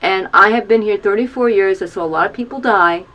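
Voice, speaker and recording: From a small video booth, a woman in her fifties delivers an emotional, earnest HIV testimony to camera, repeatedly urging listeners to take action. She speaks a little fast in a slightly bright voice that sometimes sinks low, and the recording quality is low.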